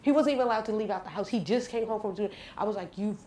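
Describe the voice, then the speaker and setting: A woman's voice: mid-range voice, rapid-fire, warm tone, slight background noise. Frank woman telling her story in a roomy studio. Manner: emotional storytelling, slangy and blunt. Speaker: guest. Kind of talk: candid interview conversation.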